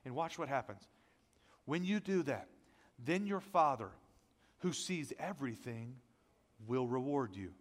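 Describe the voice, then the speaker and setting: A man preaching a sermon as pastor, energetic and conversational, with self-deprecating asides, and without a deep voice. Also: unhurried, pauses often, long reverb tail. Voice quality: not a deep voice.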